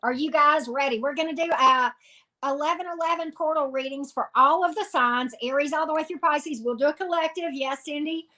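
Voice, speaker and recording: Bright high Southern woman greeting viewers. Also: fairly quick. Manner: greets viewers by name, upbeat and chatty. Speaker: tarot reader host. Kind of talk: live-stream chat.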